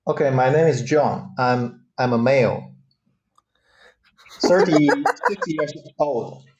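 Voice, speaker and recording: A man in his thirties, a native Chinese speaker, answering in hesitant, halting English on a video call. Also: medium pitch, a little hiss or hum. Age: 30s. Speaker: guest. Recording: dull lo-fi call audio.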